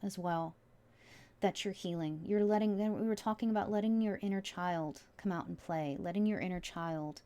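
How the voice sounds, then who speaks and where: A woman's voice: on the low side, moderate pace. Woman tarot reader, chatty and heartfelt, gets giddy and breaks off mid-sentence. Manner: excitable, emotional, often trails off and restarts. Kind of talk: casual tarot reading to viewers.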